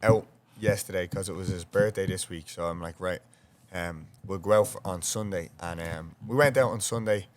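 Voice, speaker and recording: A man's voice: deep voice, normal speed, hardly any pauses, a little hiss or hum. An Irish man co-hosting a podcast, chatting casually and eagerly setting up stories.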